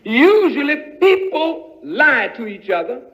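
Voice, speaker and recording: High-voiced preacher man, slow and emphatic, roomy echo. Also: very animated, dull audio. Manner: acts out dialogues with his congregation; emphatic, bursts into shouts. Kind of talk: sermon.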